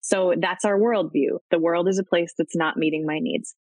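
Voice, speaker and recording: Woman guest expert, low-pitched, conversational, dry close mic. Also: steady tone, moderate pace, darkish tone, no echo, low-quality recording. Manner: acts out quoted voices, frequent "right?" and "um". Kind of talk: conversational explaining.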